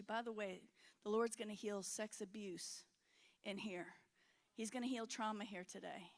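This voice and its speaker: A middle-aged woman preaching a frank, emotional sermon in a church, swinging between loud and hushed. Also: medium pitch, steady tone, moderate pace. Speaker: conference speaker.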